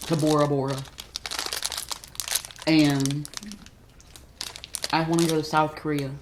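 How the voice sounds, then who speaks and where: A young woman chatting casually on a podcast, giggling and joking often. Her voice sits low for a woman. The recording carries audible background noise. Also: level tone, takes it slowly. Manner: giggly, jokey. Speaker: podcast co-host. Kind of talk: casual chat.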